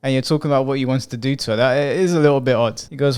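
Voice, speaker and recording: A man's voice: mid-range voice, fairly even intonation, rapid-fire, few pauses, a little mellow, clear, resonant tone. A man co-hosting a casual podcast chat, reading messages aloud with sarcastic asides and laughter. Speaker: podcast co-host.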